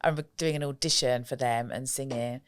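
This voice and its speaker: A woman guest on a podcast, telling lively stories in casual conversation, often acting out what people said and laughing. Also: very deep voice, fast, dry recording. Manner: lively storyteller, acts out quotes, laughs often. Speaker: podcast guest, joy coach. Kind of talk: casual interview chat.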